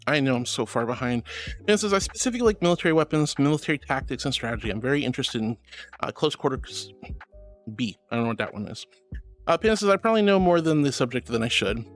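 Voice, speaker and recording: With faint music in the background, a man streams as a VTuber, reading chat messages aloud and answering viewers affectionately as "sweetie" and "honey." He talks fast in an animated, medium-pitched voice.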